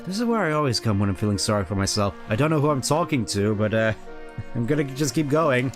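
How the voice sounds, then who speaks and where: A man's voice: mid-range voice, animated, quick pace, soft background music, lightly acted. A man voicing a friendly young partner Pokémon in a video game, in a plain, earnest and kindly way.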